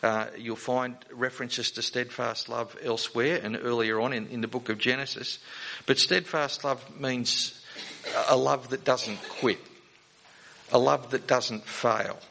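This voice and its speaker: A man's voice: mid-range voice, fairly even intonation, measured pace, vocal fry, bright, forceful tone, poor audio. Man, preacher, conversational sermon, rhetorical questions to the congregation.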